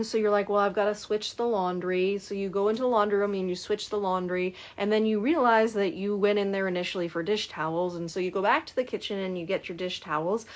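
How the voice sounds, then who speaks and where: A middle-aged woman coach telling a client story in casual talk, acting out both sides of the dialogue with lively shifts. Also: medium pitch.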